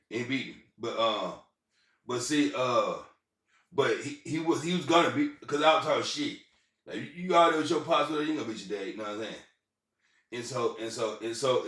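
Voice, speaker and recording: A man's voice: mid-range voice, fairly bright tone. Rambling man, far from the mic. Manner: halting, repetitive restarts and profanity. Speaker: vlogger. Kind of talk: rambling personal storytelling. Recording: roomy sound, far from the mic.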